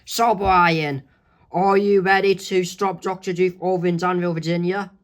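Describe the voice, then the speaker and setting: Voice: medium pitch, little pitch movement, moderate pace, natural voice. A reader voicing a scheming baby boy villain from a comic strip, read plainly.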